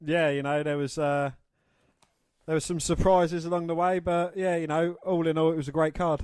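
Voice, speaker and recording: Podcast cohost guy, eager chatty tone, smooth clear voice, dry close sound. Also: a little high, flat delivery, moderate pace, a little mellow, no echo. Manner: enthusiastic, chatty. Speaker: podcast co-host. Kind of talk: casual chat.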